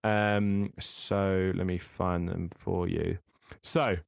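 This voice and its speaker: Casting: man, lowish voice, rambling podcast co-host, dry close sound. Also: level tone, extremely slow, gravelly, no echo. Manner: rambling, yawning, swears freely. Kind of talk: casual chat.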